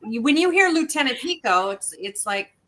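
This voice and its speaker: Animated woman host with a bright voice. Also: sits high, normal speed. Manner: animated storyteller who acts out quotes. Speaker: podcast host and licensed therapist. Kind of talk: casual interview chat.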